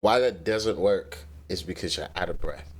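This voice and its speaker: A man's voice: deep voice, moderate pace, breathy edge, faint music behind. A man hosting a reaction video, giving casual, analytical commentary in a loose way with lots of fillers. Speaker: reaction host.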